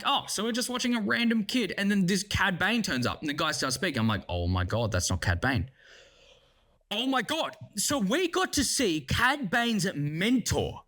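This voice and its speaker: A man giving a casual spoken review of a series, animated and excitable, swearing freely as he talks. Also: sits high. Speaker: show reviewer.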